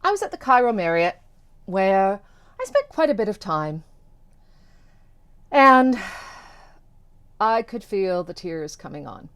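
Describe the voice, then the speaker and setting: A woman's voice: mid-range voice, sing-song, slow pace, long pauses, a bit bright, clear, resonant tone. A woman telling a personal story to camera, candid and conversational, loose with little fillers. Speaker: keynote speaker.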